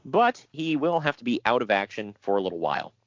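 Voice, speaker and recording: Animated sarcastic man on a lo-fi podcast. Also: medium pitch, fairly quick, no echo. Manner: animated, sarcastic, laughs often. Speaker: podcast co-host. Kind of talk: casual wrestling news chat.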